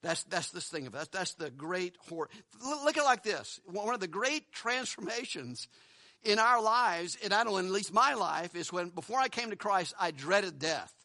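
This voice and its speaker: A man's voice: high-pitched, lively intonation, moderate pace, bright, forceful tone, no room sound. Male pastor, earnest sermon delivery, repeats words, close and dry sound. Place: church building.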